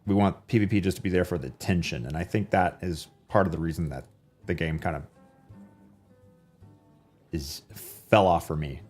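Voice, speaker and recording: Streamer guy, lowish voice, loose rambling chat over soft background music. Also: moderate pace, long pauses. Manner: rambling, many fillers and restarts. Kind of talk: casual chat reading live chat.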